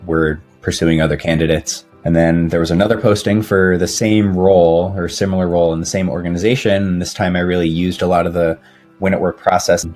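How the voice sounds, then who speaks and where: Low, flat-voiced man giving a testimonial. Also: a little fast, faint music behind. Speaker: former client giving a testimonial. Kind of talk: recorded video testimonial.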